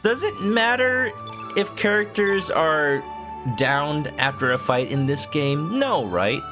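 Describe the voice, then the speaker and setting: A man's voice: a little high, sing-song, takes it slowly. Playful man streaming a game. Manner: playful, jokey, slips into voices. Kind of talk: gaming commentary. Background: game music.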